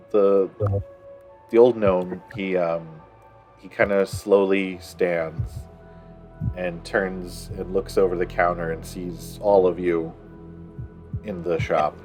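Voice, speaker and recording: A man's voice: low voice, steady tone, slow pace, pauses often, a little mellow, faint music behind. A man narrating as game master of a tabletop game, with many hesitant fillers.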